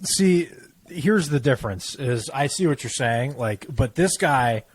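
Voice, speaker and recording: A young man co-hosting a podcast, telling stories in a casual, profane, animated way. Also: mid-range voice, measured pace, slightly rough, low-quality recording. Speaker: podcast co-host. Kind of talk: casual chat.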